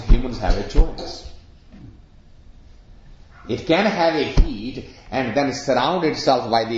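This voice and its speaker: A man's voice: lowish voice, a little mellow, slight background noise. A man giving a spiritual discourse to an audience, explaining with everyday examples and questions. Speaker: spiritual teacher. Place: room with an audience of about sixty. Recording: echoey room, dull lo-fi sound.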